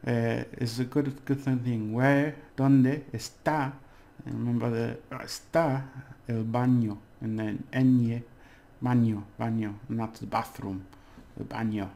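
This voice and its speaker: A man's voice: medium pitch, flat delivery, measured pace, creaky, hardly any pauses, darkish tone. A man teaching a casual video lesson, rambling and hesitant, with fillers and small jokes. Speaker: language teacher.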